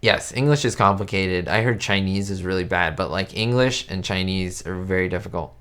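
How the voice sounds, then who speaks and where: A man's voice: sits low, a little fast, a bit bright, clean tone. A man whose first language is Spanish, hosting a casual live-stream chat, rambling with fillers and restarts as he greets viewers by name. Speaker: YouTube host answering live chat. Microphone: webcam setup.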